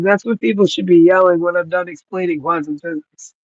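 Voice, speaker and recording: A man's voice: high-pitched, steady tone, normal speed, few pauses, no room sound, lo-fi sound. A man in his thirties vlogging outdoors on a cold, rainy night, rambling and swearing freely as he thinks aloud. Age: 30s. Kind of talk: rambling casual vlog talk.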